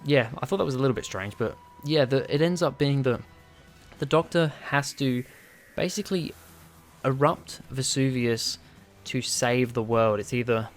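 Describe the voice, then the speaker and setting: A man's voice: medium pitch, moderate pace, soft background music. Chatty man reviewing an episode. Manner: enthusiastic, chatty, rambling. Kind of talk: casual video review.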